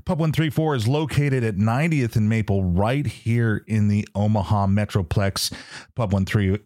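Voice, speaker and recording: A man's voice: on the low side, moderate pace, warm tone, no room sound, soft background music. Joking Midwestern man hosting a podcast. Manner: self-mocking, joking. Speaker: podcast host. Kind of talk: casual podcast talk. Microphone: studio mic.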